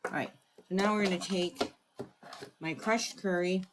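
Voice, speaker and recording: A woman's voice: lowish voice, steady tone, a little slow, background noise. A woman running a live crafting tutorial, chatting through each step and greeting viewers by name. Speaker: craft demonstrator.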